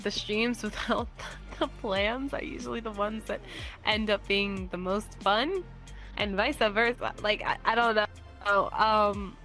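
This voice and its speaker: A woman's voice: medium pitch, fairly bright tone. A woman guest on a casual podcast chat, talking in a playful, giggly, candid way with bits of slang. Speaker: streamer guest.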